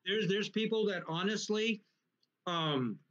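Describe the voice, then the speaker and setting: A man hosting a casual talk show, explaining points in an animated, lecturing way with frequent restarts. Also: sits high, a little slow, dull audio, background noise. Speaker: podcast host. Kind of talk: casual conversation.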